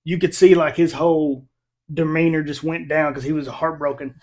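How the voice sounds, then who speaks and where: A middle-aged man hosting a casual review chat, animated and quick to laugh as he retells scenes. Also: on the high side. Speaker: reviewer, channel host.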